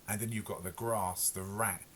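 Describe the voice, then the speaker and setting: Rambling man with a low voice. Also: steady tone, normal speed, a bit bright, slight background noise. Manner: rambling, many fillers and self-corrections. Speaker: podcast reviewer. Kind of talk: casual solo review.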